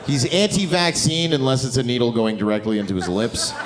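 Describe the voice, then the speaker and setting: A man performing a stand-up comedy set on a club stage, brash and profane, swinging between loud outbursts and low mutters. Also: expressive, fairly quick, crowd noise. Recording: noisy live club recording. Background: audience laughter.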